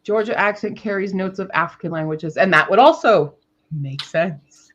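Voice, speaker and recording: A woman's voice: on the low side, lively intonation, moderate pace, fairly bright tone, highs cut off. A woman co-hosting a casual writing-sprint stream, chatting and musing aloud with frequent laughs. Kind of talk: casual group chat on a livestream.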